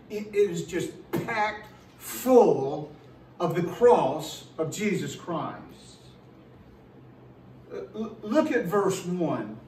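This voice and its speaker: A pastor preaching a sermon in an earnest, emphatic way, slowing down and repeating words as he builds a point. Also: high-pitched, a little mellow, reverberant, distant mic, a little hiss or hum, poor audio.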